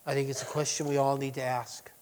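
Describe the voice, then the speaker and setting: A man preaching a sermon to his congregation, chatty and full of asides, who swings between loud emphatic passages and quiet, hushed lines. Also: medium pitch, little pitch movement, fast talker, slight background noise. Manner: conversational with restarts and asides to the congregation. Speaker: pastor.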